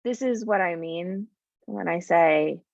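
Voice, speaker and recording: A woman's voice: on the low side, takes it slowly, vocal fry, a little mellow, no room sound, lo-fi sound. A woman teaching a live coding class, thinking aloud with many fillers and talking bluntly about clients. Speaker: coding bootcamp instructor.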